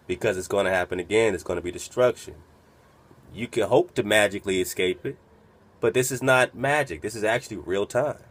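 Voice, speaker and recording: Low-voiced, preachy man with rhetorical questions. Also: fairly bright tone. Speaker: radio host. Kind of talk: commentary over a played recording.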